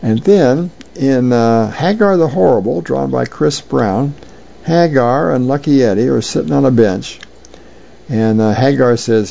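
A man hosting a show, reading comic strips aloud in an unhurried way with frequent ums and uhs. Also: mid-range voice, creaky, warm tone, lo-fi sound.

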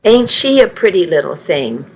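A woman's voice: on the low side, sing-song, normal speed, a little hiss or hum. A woman voicing gossiping, tutting old ladies in a story. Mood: gossipy. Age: older. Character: gossipy old women on a porch.

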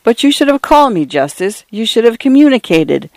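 A man voicing an excitable middle-aged brother who fusses and exclaims with worried questions. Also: a little high, moderate pace, clean tone, no room sound, natural voice. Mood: agitated.

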